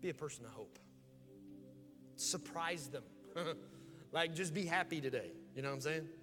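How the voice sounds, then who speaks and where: A man preaching as a pastor in a large church hall, pleading and emphatic, with sudden soft asides. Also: fairly high pitch, moderate pace. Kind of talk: sermon. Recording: long hall reverb with music behind.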